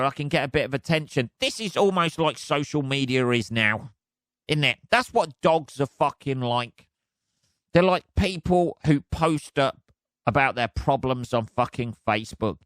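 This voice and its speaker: A man's voice: mid-range voice, fairly bright tone, no echo, studio quality. Sweary man ranting on a podcast. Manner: sweary, exasperated, laughs at himself. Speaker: podcast host. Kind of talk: casual solo rant.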